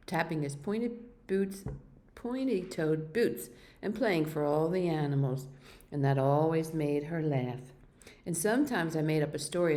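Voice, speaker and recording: A woman reads a children's novel aloud, her storytelling steady and expressive. Her low voice sounds mellow and warm.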